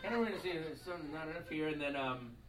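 Man on a comedy stage, high voice, mocking and profane, echoey room, distant mic. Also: expressive, very fast, very noisy. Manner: profane, mocking, acts out lyrics and characters. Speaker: stand-up comedian. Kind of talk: stand-up comedy routine. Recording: live room echo, distant mic, audience laughing. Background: audience laughter.

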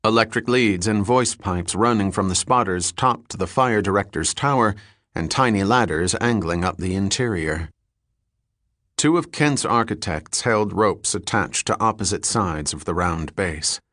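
A man reading an audiobook in a measured, even narration. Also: fairly low pitch, dry recording, studio quality. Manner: measured, even reading with terse character dialogue. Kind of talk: scripted narration.

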